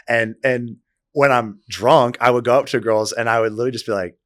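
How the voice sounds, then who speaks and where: A man hosting a podcast, telling stories in a casual, animated way with lots of fillers. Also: medium pitch, quick pace, no room sound, clean studio sound. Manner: animated storyteller, many fillers. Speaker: podcast host.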